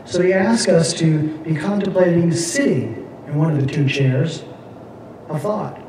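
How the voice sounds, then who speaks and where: A man lectures a Bible class in a slightly high, mellow voice, pausing often with fillers and restarts. He is picked up from a distance in a very echoey classroom, with a faint hiss behind him. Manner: halting, frequent fillers and restarts. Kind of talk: classroom lecture with scripture readings. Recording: echoey room, mic at a distance.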